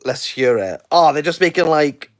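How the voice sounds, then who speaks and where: Jokey Welsh man with a lively voice. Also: fairly high pitch, normal speed, dry recording, clean studio sound. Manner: rambling, jokey, playfully sarcastic. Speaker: book reviewer. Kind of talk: casual livestream chat. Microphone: phone.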